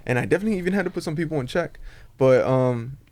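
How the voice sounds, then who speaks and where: A man's voice: a little high, very fast. A man from Miami chatting casually on a podcast, telling stories and acting out the dialogue. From Miami, United States. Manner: animated storyteller, acts out dialogue. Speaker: recording studio staff member.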